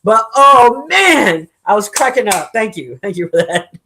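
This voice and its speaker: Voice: medium pitch, sharp tone. A streamer talks loosely to the chat in a mid-range voice. The tone is blunt and opinionated, with frequent cursing and laughter. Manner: profane, joking, laughs often. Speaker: live streamer reading chat. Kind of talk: casual live-stream chat.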